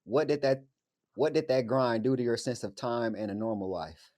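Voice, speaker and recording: Brief: easygoing male interview host, mid-pitched voice, dry close sound. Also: normal speed, darkish tone, dry recording. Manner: laid-back, calls his guest "bro". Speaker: podcast host. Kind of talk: casual interview.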